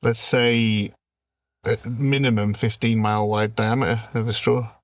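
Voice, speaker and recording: Slow deadpan man telling a comic story. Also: on the low side, no echo, clean studio sound. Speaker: podcast co-host.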